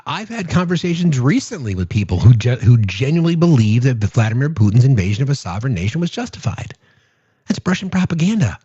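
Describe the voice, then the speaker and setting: Male stream host, husky and lively, sarcastic ranter, dry dull sound. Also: medium pitch, no echo. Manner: exasperated, sarcastic, rhetorical questions. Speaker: political commentary host. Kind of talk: live-stream political commentary.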